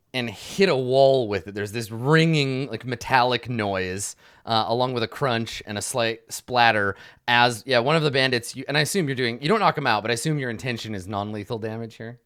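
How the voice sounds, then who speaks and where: A man's voice: mid-range voice, normal speed, a bit bright, clear, resonant tone. A young man narrating a tabletop game as game master in a loose, chatty way, with many fillers and restarts.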